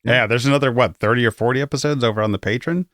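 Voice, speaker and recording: A man's voice: mid-range voice, rapid-fire, a bit bright, dry recording, studio quality. A man co-hosting a casual podcast, laughing easily and steering the chat toward the next caller. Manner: laughs easily, plays the moderator. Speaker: podcast co-host.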